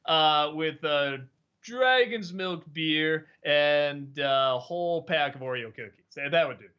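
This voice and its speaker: A man's voice: on the high side, slow pace, bright, forceful tone, clear, resonant tone, lo-fi sound. A man hosting a casual livestream Q&A, rambling and hesitant with lots of fillers. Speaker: host.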